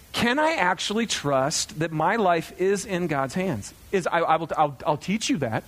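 A man in his thirties, a pastor, preaching in a chatty, animated storytelling way to his congregation. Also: sits high.

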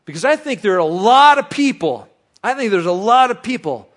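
A man preaching a sermon, bantering playfully with the congregation, then turning soft and reflective. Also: sits high, very animated, brisk. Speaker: pastor.

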